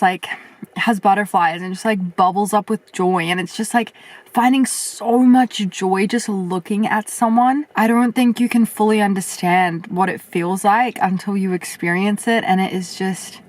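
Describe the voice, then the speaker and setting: A young woman vlogging casually as she answers viewer questions, chatty and reflective, with lots of fillers and a voice that turns a little husky at times. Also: mid-range voice, no echo. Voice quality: sometimes husky. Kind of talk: casual chat.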